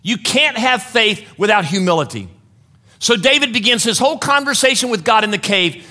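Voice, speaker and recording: A man's voice: sits high, animated, normal speed, bright, forceful tone. A middle-aged man preaching a sermon to a congregation, earnest and direct, often calling his listeners "folks". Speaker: pastor.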